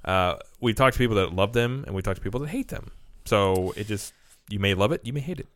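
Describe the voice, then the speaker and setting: Casual co-host: low-voiced man, deadpan humor, dry room. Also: quick pace, no echo. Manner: joking, deadpan. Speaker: podcast co-host. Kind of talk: casual chat.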